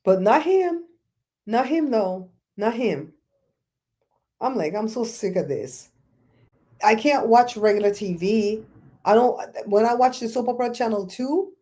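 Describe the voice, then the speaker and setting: A woman's voice: medium pitch, dark tone. A middle-aged woman hosting a casual talk show, ranting bluntly and telling stories with mocking quoted voices. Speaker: host.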